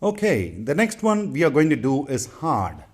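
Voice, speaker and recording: A man teaching English pronunciation, saying each practice word twice in a deliberate, instructional way. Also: fairly high pitch, huge pitch swings, heavy background noise. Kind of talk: slow instructional drilling.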